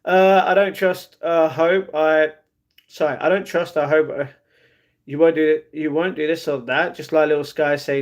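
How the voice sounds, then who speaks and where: A young man with a fairly high voice talks at normal speed in a steady tone during a casual livestream. He goes through his chat, replying to it and regularly adding "you know what I mean."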